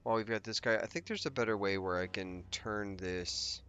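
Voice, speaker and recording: A man's voice: fairly low pitch, normal speed, fairly bright tone, a little hiss or hum. A man hosting a let's play, giving casual gameplay commentary and thinking aloud as he rambles through his plans with restarts and asides.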